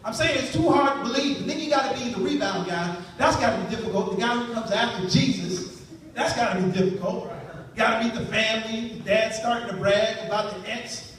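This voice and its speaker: A man's voice: very high voice, brisk, a bit bright. A man performing a stand-up set in a club, talking in a loose conversational way with rambling asides. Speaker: stand-up comedian. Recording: echoey club, distant mic, noisy.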